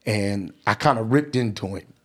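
A middle-aged man earnestly telling a family story in a casual chat, animated as he goes. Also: on the low side, moderate pace.

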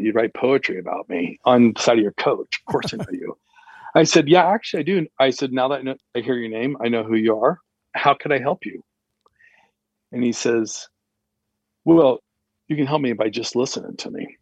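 A man telling a personal story in a casual, animated way, acting out the dialogue with raised voices. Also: medium pitch, slightly rough, dry recording, lo-fi sound. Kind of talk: casual anecdote.

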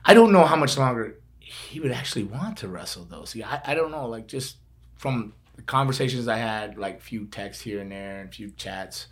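An older man, a former wrestler hosting a podcast, talking in a rambling, animated way full of asides. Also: mid-range voice, moderate pace. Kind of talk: casual chat.

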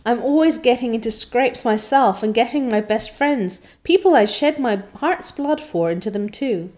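A woman's voice: on the high side, lively intonation, moderate pace, darkish tone, pitched above the performer's own voice, natural voice. A woman voicing an eager, dramatic orphan girl in an audiobook, breathless and imploring. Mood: excited. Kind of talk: audiobook character voice.

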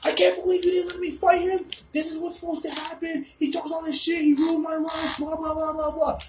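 A man putting on a drunk, furious young man who shouts and rants in a high voice. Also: level tone, fast, echoey room, slight background noise. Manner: shouting, high-pitched, ranting.

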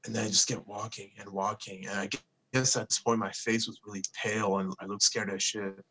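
A man's voice: lowish voice, little pitch movement, brisk, pushed and bright, slight background noise. A young man co-hosting a podcast, telling stories in a laid-back way, swearing freely and acting out the quotes. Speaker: podcast co-host. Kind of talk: casual storytelling chat.

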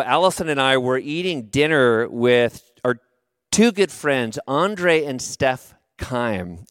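A middle-aged man preaching a sermon, telling a story in a conversational, expressive way and slowing down for emphasis. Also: medium pitch, no echo, studio quality. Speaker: pastor.

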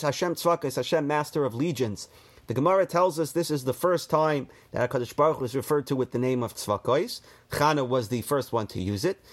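Man explaining scripture, slightly high voice. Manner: reads Hebrew verses then translates and explains; conversational, with fillers and restarts. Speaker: Torah teacher. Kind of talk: text study class.

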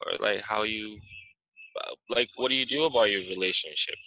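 A man's voice: lowish voice, moderate pace, dry recording. A man from Moldova, a panel guest speaking thoughtfully and searching for words. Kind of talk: reflective conversation. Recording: dull, dry, lo-fi sound.

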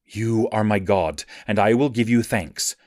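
Low-voiced man reading scripture, dry sound. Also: a little slow, darkish tone, no room sound. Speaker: scripture reader.

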